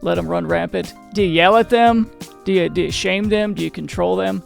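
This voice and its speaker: A man's voice: high voice, a little fast, gravelly, faint music behind. A man hosting his own channel, talking casually to the viewer, with frequent restarts and questions to the listener. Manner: conversational, repeats and restarts, asks the viewer questions. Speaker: channel host. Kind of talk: casual talk to camera.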